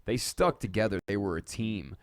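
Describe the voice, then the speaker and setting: A man's voice: fairly low pitch, animated, moderate pace, no room sound. Rambling, jokey male stream host. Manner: rambling, jokey, self-mocking. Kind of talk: casual live-stream monologue. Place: dark home studio.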